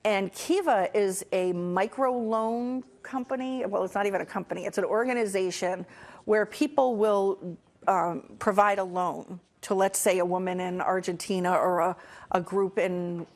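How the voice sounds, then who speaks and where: A woman's voice: mid-range voice, steady tone, moderate pace. A middle-aged woman hosting a casual motivational talk, telling stories earnestly with fillers and restarts. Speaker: host.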